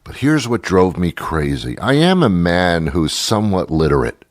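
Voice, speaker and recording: A very low-voiced man hosting a talk show, ranting comedically about a story in an exasperated, sarcastic way. His pitch swings widely as he slides into mock-pedantic complaints. The sound is dry and close. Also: sing-song, moderate pace, hardly any pauses, no room sound. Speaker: radio talk show host. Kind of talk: comedic rant.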